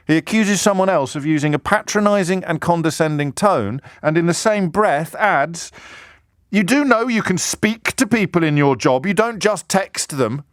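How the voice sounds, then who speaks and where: A male radio host speaks sardonically and with disbelief, his pitch leaping up and down. His voice sits on the higher side, close on a studio mic in a very dry room. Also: no room sound. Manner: sardonic and incredulous. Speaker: radio talk show host. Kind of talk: dramatic reading with commentary. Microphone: studio microphone.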